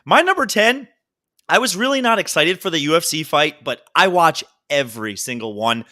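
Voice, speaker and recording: A man with a bright, fairly high voice chats casually as a podcast co-host. His delivery swings up and down as he tells joking stories, often breaking into laughs. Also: expressive, moderate pace. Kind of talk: casual chat.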